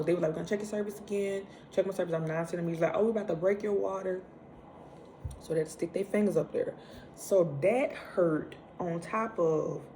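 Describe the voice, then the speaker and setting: A young woman, casually telling a personal story, animated and acting out the lines she quotes. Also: on the low side, a little hiss or hum. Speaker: vlogger.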